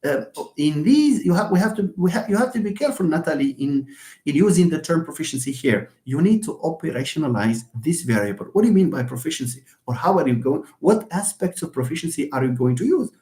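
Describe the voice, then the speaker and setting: Male professor, live online lecture, somewhat high voice, hesitant with lots of fillers, echoey room. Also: big pitch swings, a little fast, mellow. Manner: hesitant, many fillers and restarts, chuckles often. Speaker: university linguistics professor. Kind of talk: live-stream lecture answering chat comments.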